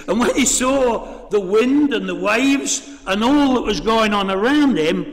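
A man preaching a sermon in a church, measured and full of rhetorical questions. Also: high voice. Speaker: priest. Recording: reverberant church hall.

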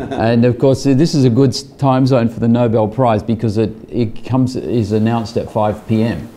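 Older man, casual anecdote, halting with fillers, warm mellow voice. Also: medium pitch. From Australia. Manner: halting, with many fillers and chuckles. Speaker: scientist telling a personal story.

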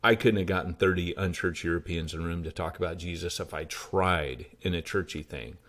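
Deep and fairly quick, this American man's voice carries his stories in a casual interview. He's a pastor who plants churches, and he animatedly voices the dialogue he recounts.

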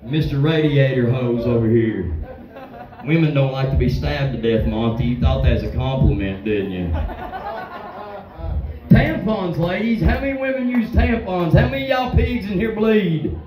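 A man's voice: a little high, lively intonation, moderate pace, roomy sound, far from the mic, poor audio. A man doing a crude, rowdy stand-up set and talking straight to a bar crowd. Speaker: stand-up comedian. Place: bar stage with a live audience.

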